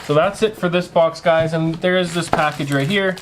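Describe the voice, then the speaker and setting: Chatty man with a higher voice. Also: steady tone, moderate pace, background noise. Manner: chatty, teasing, addresses viewers as guys. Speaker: home theater channel host. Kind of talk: casual vlog with unboxing. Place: home theater room.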